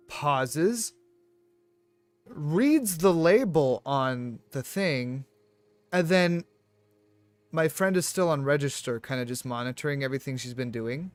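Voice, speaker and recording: A man streaming, telling a story in a rambling, animated way with many restarts and fillers. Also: on the high side. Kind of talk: casual storytelling on a live stream.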